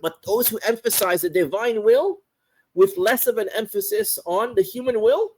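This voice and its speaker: A man teaching a religious course, explaining a text in an unhurried lecture and often repeating phrases and asking "right?". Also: high voice, a little mellow, no room sound, rough recording. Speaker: Islamic scholar teaching a course.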